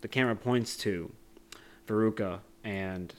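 A man's voice: on the low side, measured pace. A young man co-hosting a podcast, recapping a movie in a rambling, joking way with frequent laughs. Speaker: podcast co-host. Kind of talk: casual movie discussion.

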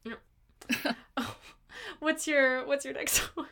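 A young woman chatting casually as a podcast co-host, giggly and animated, swearing freely. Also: high voice, slow pace. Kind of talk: casual chat.

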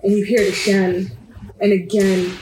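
A woman's voice: mid-range voice, level tone, darkish tone. A woman running a tabletop game as game master, narrating scenes to a player in vivid second-person detail. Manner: slow, vivid descriptive narration. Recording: roomy echo, faint background noise.

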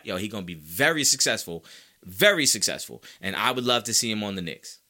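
A man hosting a sports talk podcast, ranting with loud, high-pitched outbursts between stretches of lower, calmer talk. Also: a little fast. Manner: animated, swings into high-pitched shouts. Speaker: podcast host. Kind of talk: fired-up sports talk rant.

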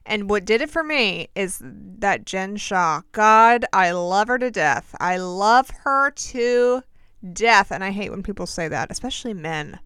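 A woman's voice: mid-range voice, animated, normal speed, few pauses, fairly bright tone, no room sound, studio quality. A woman hosting a podcast, talking in a chatty, sarcastic, self-deprecating way. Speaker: podcast host. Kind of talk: casual chat.

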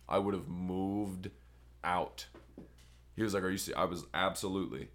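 A man's voice: low voice, normal speed. A young man on a podcast, rambling through a crude story in casual chat. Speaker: podcast co-host.

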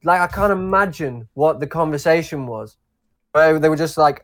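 A man's voice: a little high, moderate pace, fairly bright tone. A man co-hosting a casual podcast, joking around and acting out imagined conversations. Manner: jokey, acts out little imagined dialogues. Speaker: podcast co-host.

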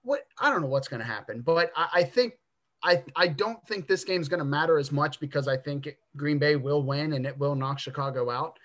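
A man's voice: on the high side, fairly quick, a bit bright. A man co-hosting a casual sports podcast, rambling through his takes with lots of stammered restarts. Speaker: podcast co-host.

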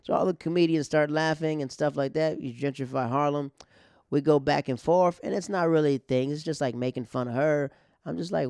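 A man's voice: a little high, fairly quick, gravelly, darkish tone, no room sound, studio quality. A male stand-up comedian telling a long story in a casual, rambling way, with restarts, acting out the other people in it.

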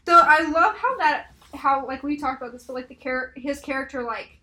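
High, bright-voiced chatty woman. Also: a little fast. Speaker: podcast co-host. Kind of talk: casual chat.

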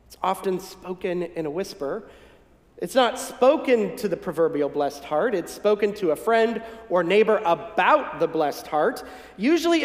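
Man from the northern US, pastor, high voice, folksy humorous sermon, roomy church echo. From northern United States. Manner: conversational, folksy, gently humorous. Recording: echoey hall with long reverb.

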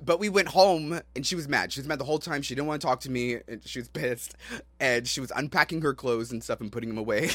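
A man's voice: mid-range voice, quick pace, fairly bright tone, no echo. A man co-hosting a podcast, telling stories in a rambling, laughing way with lots of fillers. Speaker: podcast co-host. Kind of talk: casual chat, storytelling.

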